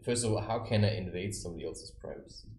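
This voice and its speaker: A self-styled spiritual adviser gives advice in a rambling, casual monologue, with a deep, fast, slightly mellow voice and vocal fry. He tells anecdotes and acts out the people in them, and the recording has a roomy echo.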